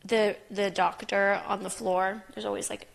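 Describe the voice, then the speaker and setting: A woman's voice: mid-range voice, little pitch movement, measured pace, creaky. Young adult woman guest, open and earnest, telling her story in a loose, filler-heavy way. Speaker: podcast guest. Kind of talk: personal story in casual interview.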